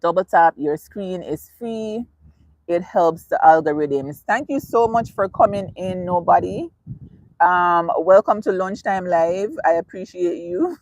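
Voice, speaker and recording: A woman's voice: on the low side, unhurried, darkish tone, no echo, dull audio. A woman hosting a casual live stream, reading viewer comments aloud, chatty and laughing often. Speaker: livestream host.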